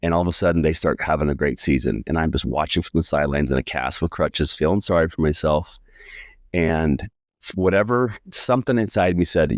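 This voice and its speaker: With a bass voice and a slightly fast delivery, a forty-something American sales coach relates a lively story from his own life on a podcast, imitating the voices of those he quotes. The recording is dry and of studio quality.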